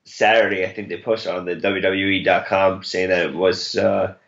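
A man's voice: sits low, flat delivery, normal speed, gravelly, a bit bright, muffled recording. A man co-hosting a casual wrestling podcast, laid-back and agreeable. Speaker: podcast co-host.

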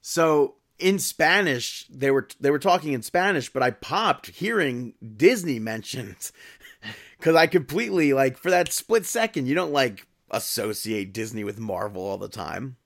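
Easygoing guy chatting on a podcast, laughs easy, normal pitch. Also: measured pace, gravelly. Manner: relaxed, chatty, laughs often. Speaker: podcast co-host. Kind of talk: casual chat.

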